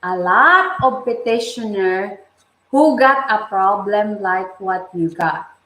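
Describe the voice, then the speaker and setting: A woman's voice: mid-range voice, animated, slow pace, sharp tone, roomy sound, rough recording. A woman with a Filipino accent chatting on a live stream, reading viewer comments aloud, greeting people by name, and repeating and restarting phrases as she thinks. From Philippines. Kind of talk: casual live-stream chat while cooking. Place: home kitchen.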